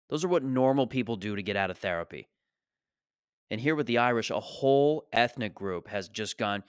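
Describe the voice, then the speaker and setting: A young man doing a profane, self-deprecating stand-up rant, exasperated and quick to mock himself. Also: medium pitch, animated, clear, resonant tone, no room sound, studio quality. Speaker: stand-up comedian.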